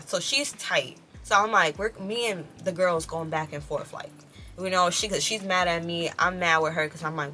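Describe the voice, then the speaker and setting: A woman in her twenties tells a story to camera in a lively, slangy and profane way. Her voice is low-pitched but bright and forceful, and faint music plays behind her. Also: moderate pace. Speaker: vlogger. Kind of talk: casual storytelling vlog.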